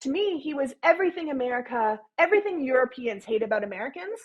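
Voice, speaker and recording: A woman's voice: high-pitched, expressive, fast talker, slightly rough, highs cut off. A woman, a podcast guest making emphatic, opinionated points in casual interview talk. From Canada. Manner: emphatic, opinionated, builds points in long runs.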